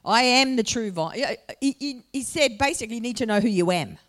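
A middle-aged woman preaching a sermon to a congregation, moving from personal storytelling to loud, emphatic exhortation. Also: on the high side, expressive, fairly quick.

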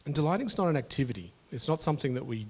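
A man's voice: medium pitch, sing-song, very fast, darkish tone, slightly rough. A middle-aged man preaching a sermon to his congregation in an earnest, conversational way, often restarting his phrases. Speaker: pastor.

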